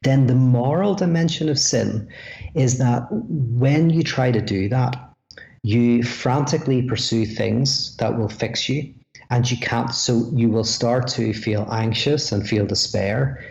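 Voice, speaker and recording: Irish man, podcast guest, gravelly voice, animated explainer, echoey room. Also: mid-range voice. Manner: animated, explaining ideas with quick asides and chuckles. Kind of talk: podcast conversation. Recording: echoey room, dull lo-fi sound.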